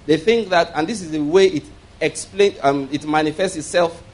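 A male pastor preaching, reading scripture slowly with emphasis and having the congregation repeat key words. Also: fairly high pitch. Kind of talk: sermon. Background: congregation responding.

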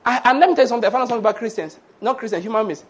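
Animated high-voiced preacher. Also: male voice, rapid-fire, husky. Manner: animated and humorous, laughing often, acting out quoted voices. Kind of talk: sermon.

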